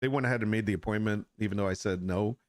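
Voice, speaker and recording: Rambling, opinionated middle-aged man, low voice. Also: racing, dry recording. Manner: rambling, repeats words when restarting; frank, opinionated. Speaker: podcast host. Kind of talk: casual solo chat.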